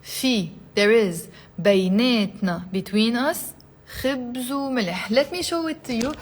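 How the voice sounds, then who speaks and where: A woman with a fairly high voice leads a live online language class. She says each phrase slowly and repeats it several times. She keeps asking her viewers to say it aloud along with her. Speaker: Arabic teacher.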